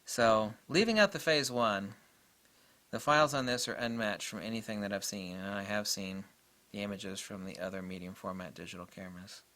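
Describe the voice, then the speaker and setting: Bright-voiced man gushing over gear. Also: fairly low pitch, normal speed. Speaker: camera reviewer. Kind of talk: enthusiastic casual gear review.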